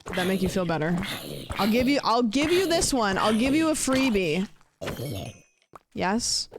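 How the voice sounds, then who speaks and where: Against a noisy background, a woman with a slightly high, expressive voice talks unhurriedly while streaming a game. The livestream chat is casual and sweary, and she addresses herself and her chat as she plays.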